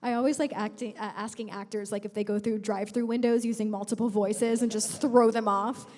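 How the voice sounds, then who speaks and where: A woman's voice: mid-range voice, steady tone, a little fast, darkish tone. A woman moderating a convention panel, upbeat and chatty. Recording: convention hall reverb.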